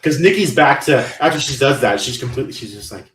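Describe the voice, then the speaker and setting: A man's voice: mid-range voice, expressive, fast talker, crowd noise. A man co-hosting a podcast, chiming in with plot details during a casual movie recap. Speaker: podcast co-host. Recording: roomy echo.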